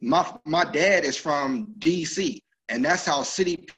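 A man on a podcast panel, speaking loudly and passionately about natural speaking. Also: a little high, a little slow, poor audio. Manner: loud and passionate, emphatic. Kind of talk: casual group chat.

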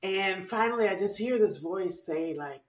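In an echoey room, a woman with a mid-range voice co-hosts a podcast at a moderate pace. She chats casually and tells animated stories, laughing often.

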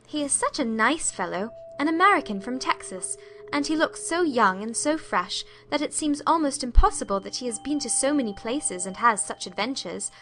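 A woman narrates a period story as a heartfelt letter. Her reading is emotive and confiding. Her voice is high and bright. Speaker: audiobook narrator.

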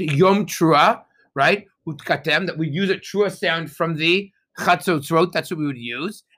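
A man, a rabbi, giving a sermon, telling stories and asking the congregation rhetorical questions, reading Hebrew verses aloud. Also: fairly high pitch. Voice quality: Hebrew phrases read with traditional pronunciation. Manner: animated storytelling with rhetorical questions.

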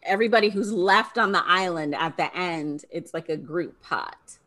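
A woman in her thirties chats on a podcast with a slightly low voice. She tells stories with animated energy and laughs often. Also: moderate pace. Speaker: podcast co-host. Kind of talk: casual chat.

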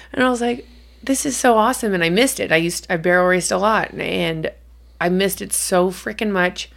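Middle-aged woman, chatty podcast co-host with some vocal fry, loose and casual. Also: on the low side. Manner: chatty storyteller, swears casually. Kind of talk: casual chat.

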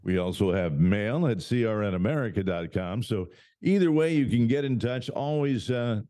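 A man's voice: fairly low pitch, lively intonation, moderate pace, mellow, no echo, studio quality. A man co-hosting a casual political talk show, blunt and wisecracking. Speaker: co-host.

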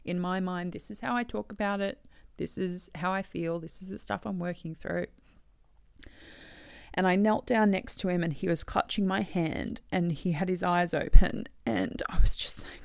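Gravelly-voiced woman, tearful and whispering. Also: on the low side, steady tone, no echo. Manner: halting, tearful, drops to whispers. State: crying. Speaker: bereaved daughter telling her story. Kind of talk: emotional personal testimony.

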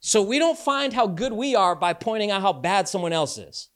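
Animated, conversational preaching man. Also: high voice, moderate pace. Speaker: pastor. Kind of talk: sermon.

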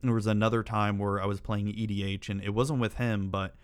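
A channel host with a lowish, clear, resonant voice talks a little fast in a level tone. He spins rambling, casual stories to camera, full of swearing and exasperated rants.

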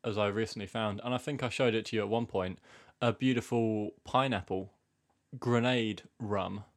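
A young man co-hosting a podcast in casual chat, deadpan and self-mocking. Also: fairly low pitch, normal speed. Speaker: podcast co-host.

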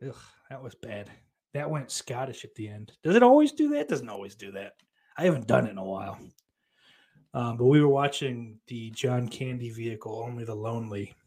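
A man's voice: medium pitch, animated, a little fast, a little mellow. A man hosting a livestream, reading chat comments aloud and rambling in a profane, self-deprecating way.

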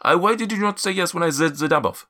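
A man voicing a forgetful, cheerful male cloud giant sorcerer in a put-on, shifting foreign accent, speaking in halting, repetitive bursts. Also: high voice, bright, forceful tone, pitched above the performer's own voice. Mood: apologetic. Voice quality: halting, repetitive, stumbling speech.

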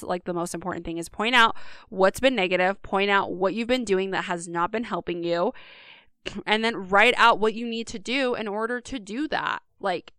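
Woman, podcast co-host, bright clear voice, earnest motivational talk, dry close mic. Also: mid-range voice, dry recording. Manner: earnest, motivational, speaks straight to listeners. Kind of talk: casual podcast monologue.

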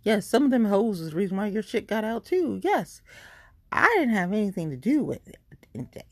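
Woman podcaster, blunt and profane, warm low voice, dry close sound. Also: sing-song, quick pace, dry recording. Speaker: podcast host. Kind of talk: casual ranting monologue.

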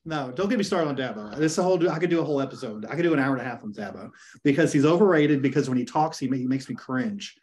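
A man's voice: mid-range voice, animated, fast, darkish tone, a little hiss or hum. A man co-hosting a podcast in casual sports chat, blunt and opinionated, mocking the people he talks about. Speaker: podcast co-host.

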